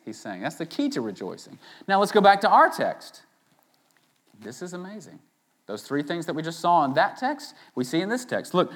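A man preaching a sermon, swinging between loud, stressed phrases and quiet, conversational asides to his congregation. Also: on the high side. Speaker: pastor.

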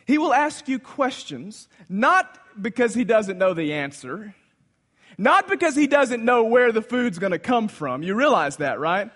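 A man preaching a sermon, swinging between loud exclamations and hushed asides as he retells a Bible story. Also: extremely high pitch, very animated, measured pace. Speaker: pastor.

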